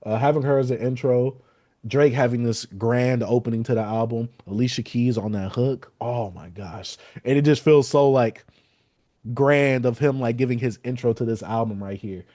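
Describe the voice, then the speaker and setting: Guy on a podcast breaking down an album, mellow voice, dry close sound, acts out lines. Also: mid-range voice, moderate pace, no room sound. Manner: animated, quotes lyrics and acts out reactions. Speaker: podcast co-host. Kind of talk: casual album review chat.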